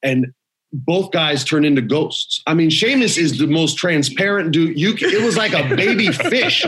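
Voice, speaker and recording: A man in his forties, a guest on a podcast, telling stories in an animated way and laughing often. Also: normal speed, husky. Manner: animated storyteller, drops low for quoted voices, laughs often. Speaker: podcast guest, actor and former wrestling writer. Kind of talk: casual storytelling.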